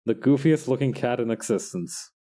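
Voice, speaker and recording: A young man casually chatting while he makes digital art, self-mocking and quick to laugh. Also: medium pitch, lively intonation, mellow. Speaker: digital artist streamer. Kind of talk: casual narration while drawing.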